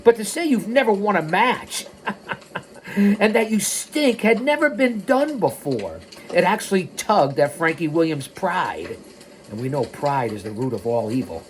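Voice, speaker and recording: A man hosting a storytelling show, reading in the first person and breaking into animated tangents. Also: sits high, measured pace. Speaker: host.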